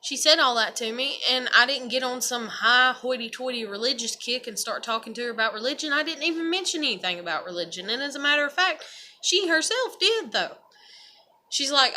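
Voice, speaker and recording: A woman's voice: on the high side, moderate pace, sharp tone, a little hiss or hum. A middle-aged woman talking to camera in a loose, rambling personal monologue, earnest and self-reflective, full of fillers and swearing. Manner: rambling, heavy with fillers and profanity. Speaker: vlogger.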